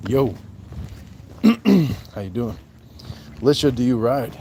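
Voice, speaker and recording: A man hosting a casual livestream on a night walk, greeting viewers by name and answering their comments in a relaxed way. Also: mid-range voice, moderate pace, slight background noise. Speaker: livestream host.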